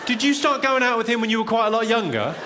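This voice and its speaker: A man doing stand-up comedy with a deadpan delivery and working the crowd in a large theatre. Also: very high-pitched, quick pace, very noisy. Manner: deadpan, crowd work with the audience. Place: large theatre with a laughing audience. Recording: live theatre recording with long reverb and loud crowd laughter.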